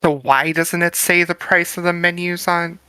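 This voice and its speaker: Bright chatty player running through a tabletop scene, swears a lot, dry mic. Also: mid-range voice, fairly even intonation, moderate pace, clean tone, no room sound. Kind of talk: casual tabletop narration.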